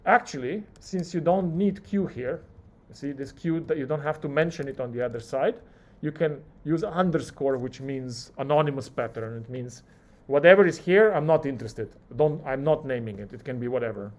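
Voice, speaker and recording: A male lecturer teaching a live coding class, talking through each keystroke and acting out the software's replies. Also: medium pitch, normal speed.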